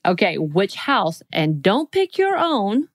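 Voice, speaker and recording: A woman's voice: mid-range voice, sing-song, no echo. A woman co-hosting a podcast, reading quiz questions aloud and joking along the way. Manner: playful, joking, reads options in quick lists. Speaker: podcast co-host.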